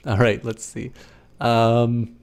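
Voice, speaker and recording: A man streams a game live, chatting casually to his viewers. His voice sits at an ordinary middle pitch with a gravelly edge. He reads the game's lines in a playful, mock-theatrical way. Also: monotone, slow, darkish tone. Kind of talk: live game streaming, reading dialogue aloud.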